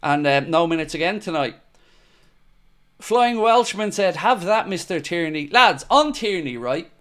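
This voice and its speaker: A man's voice: high-pitched, animated, a little slow, a bit bright. A young man hosting a live football fan show, reacting to the match and reading viewer comments in blunt, matey banter.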